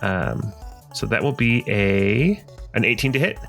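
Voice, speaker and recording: A man's voice: on the low side, very animated, a little slow, creaky, fairly bright tone, soft background music. A man playing a tabletop game, chatty and playful as he talks through his turn. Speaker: player. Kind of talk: casual tabletop play.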